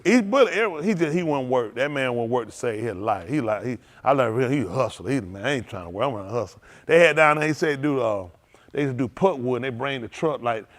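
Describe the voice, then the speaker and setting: A man's voice: medium pitch, expressive, fast. A man preaching in a folksy storytelling sermon, laughing often and repeating phrases as he acts out quotes. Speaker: pastor.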